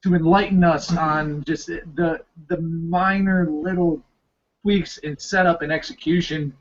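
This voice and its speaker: A man co-hosting a podcast, explaining in a relaxed way with frequent fillers. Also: on the high side, unhurried. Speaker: podcast co-host. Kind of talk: casual podcast chat. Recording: dull lo-fi sound.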